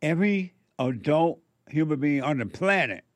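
A man's voice: on the high side, expressive, normal speed, no echo. A man preaching a spiritual sermon, emphatic and repetitive, firing rhetorical questions at his listeners.

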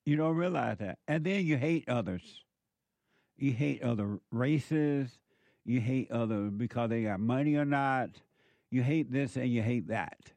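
A man's voice: mid-range voice, unhurried, creaky, a little mellow, dry recording. Man preaching with emphatic repetition. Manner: emphatic, repetitive, rhetorical questions. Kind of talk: preaching monologue.

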